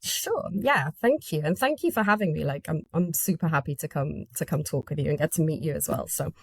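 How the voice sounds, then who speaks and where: A woman's voice: deep voice, animated, brisk, gravelly, slightly rough, dry recording. A woman from Wales, guest on a podcast as a film festival organiser, friendly and modest in casual chat, with a slight cough.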